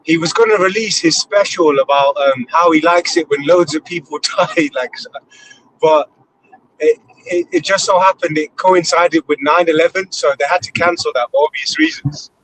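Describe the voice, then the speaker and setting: A man in his thirties hosts a free-flowing live talk, his voice sitting a little high. He swears freely and rambles with animated enthusiasm, with a faint hiss under the recording. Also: normal speed, low-quality recording. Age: 30s. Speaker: host. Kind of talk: casual live discussion.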